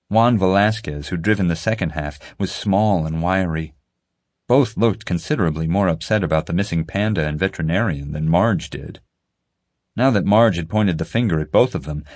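A man narrating a story as an audiobook in a steady storytelling manner. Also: deep voice, no echo, clean studio sound. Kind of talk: scripted narration.

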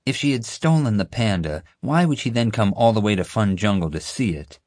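A man's voice: fairly low pitch, lively intonation, brisk, a little mellow, no room sound, studio quality, pitched above the performer's own voice, lightly acted. A man voicing a condescending, skeptical boy in an audiobook.

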